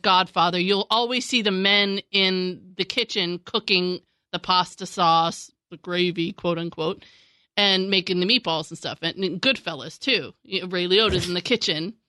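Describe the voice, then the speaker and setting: A woman with a bright, clear voice tells stories on a podcast. She laughs often and acts out what others said. Her voice sounds close and dry, with no room sound. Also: mid-range voice, moderate pace, no room sound. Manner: animated storytelling, laughs often, acts out quotes. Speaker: podcast co-host. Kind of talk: casual chat.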